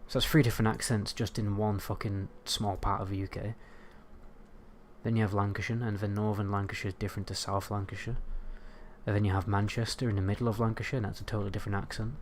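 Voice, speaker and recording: British man, lowish voice, casual streamer who rambles and swears freely. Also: level tone, fast talker, a little hiss or hum. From United Kingdom. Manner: rambling and sweary, answering chat. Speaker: game streamer. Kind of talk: casual livestream chat.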